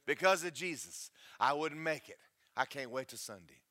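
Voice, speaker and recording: A man preaching a sermon, emphatic and preachy, swinging between loud and soft. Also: fairly high pitch, lively intonation, normal speed. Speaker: pastor.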